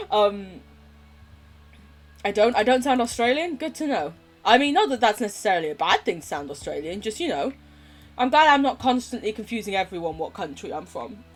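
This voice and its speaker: A woman from England with a posh English accent, chatting casually while playing a game on stream, giggly and sweary. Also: mid-range voice. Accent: posh southern English. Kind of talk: casual live-stream chat while gaming.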